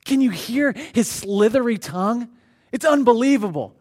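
A man pastor delivering a sermon in a conversational, animated storytelling manner. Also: extremely high pitch, normal speed.

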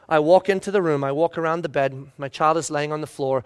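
A man preaching a sermon as a pastor, telling a story expressively and moving between loud emphasis and hushed, quiet tones. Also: a little high, steady tone, fast, hardly any pauses, clear, resonant tone.

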